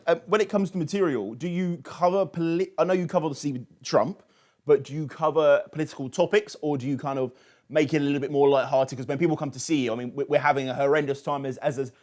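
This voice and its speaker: A man's voice: medium pitch, a little mellow. A man hosting a political talk show, asking long questions with frequent restarts. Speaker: host.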